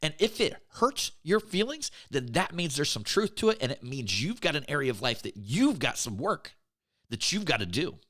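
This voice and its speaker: A man's voice: on the high side, very animated, normal speed, fairly bright tone. A man giving a motivational faith talk on relationships, emphatic and repetitive, often calling his listeners his friends. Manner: emphatic, repeats words, addresses listeners as friends. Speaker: relationship speaker.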